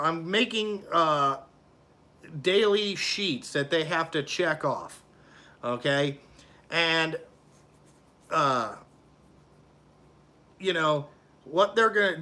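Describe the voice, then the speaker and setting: A man's voice: fairly high pitch, sharp tone. A middle-aged man who runs a trucking company, ranting bluntly and profanely about his drivers in a casual vlog.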